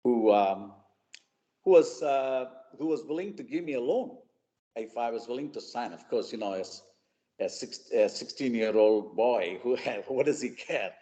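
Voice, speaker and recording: At a mentoring webinar, a guest speaker from Chennai recounts his own life at a moderate pace, his Indian English accent carried in a medium-pitched voice with a long reverb tail. Animated throughout, he slips briefly into the voices of those he quotes.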